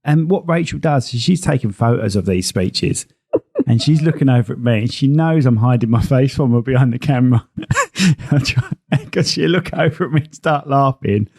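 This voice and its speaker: Man, podcast co-host, mid pitch, dry close sound, chatty and self-mocking. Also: expressive, moderate pace, darkish tone, dry recording. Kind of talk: casual chat.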